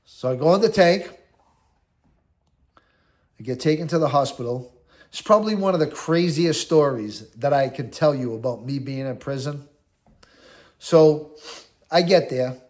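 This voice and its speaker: A middle-aged man casually telling a story from his own life, quoting himself and others in lively, salty slang. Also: mid-range voice, measured pace, long pauses.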